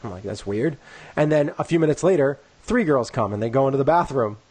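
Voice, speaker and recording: A man's voice: mid-range voice, fast. A man co-hosting a casual podcast, telling a long story in a rambling way full of "like" and "you know," and acting out the people he quotes. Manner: acts out quoted people in lively voices. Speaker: podcast co-host.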